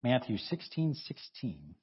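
A man's voice: medium pitch, sing-song, takes it slowly, slightly rough, lo-fi sound. A man preaching a conversational sermon, informal and chuckling, who breaks off and restarts his sentences as he goes. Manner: informal, self-interrupting, chuckling asides.

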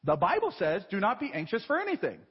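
High, lively male preacher in a reverberant church. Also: fast talker, slightly rough. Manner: conversational and self-deprecating, with rhetorical questions. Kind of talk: sermon. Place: large church. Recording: dull live broadcast with long church reverb.

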